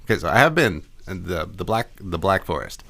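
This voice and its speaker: Male podcast co-host, low-pitched, laughs easily, tells playful stories. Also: sing-song, a little fast, gravelly, a bit bright, no echo. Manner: laughing, storytelling, playful puns. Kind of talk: casual comedic chat.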